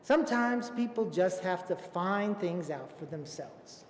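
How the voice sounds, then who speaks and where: A man's voice: high-pitched, animated, a little slow. A man in his fifties from Brooklyn, New York, telling a comic, self-mocking story on a theater stage. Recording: echoey theater hall.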